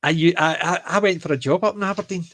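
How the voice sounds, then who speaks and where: A man's voice: high-pitched, fast talker, fairly bright tone, no echo. A Scottish man with a Glaswegian accent, co-hosting a casual chat, rambling and joking as he restarts his sentences. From Scotland. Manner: rambling, self-correcting, joking. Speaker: podcast co-host.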